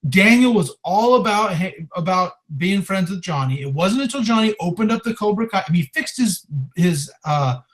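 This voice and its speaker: A man's voice: high-pitched, animated, moderate pace, few pauses. A man co-hosting a podcast, talking casually and animatedly about a show and defending his view. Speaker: podcast co-host. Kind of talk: casual film discussion.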